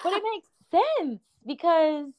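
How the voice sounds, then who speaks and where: A woman's voice: extremely high pitch, very animated, takes it slowly, a little mellow. A woman guest on a podcast, talking frankly in casual chat with emphatic exclamations.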